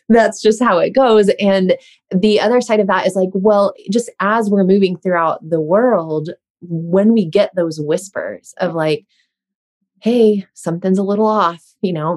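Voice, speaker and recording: A woman in her thirties hosting a conversation, chatty and self-deprecating, laughing often as she talks. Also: lowish voice. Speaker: host. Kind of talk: casual podcast chat.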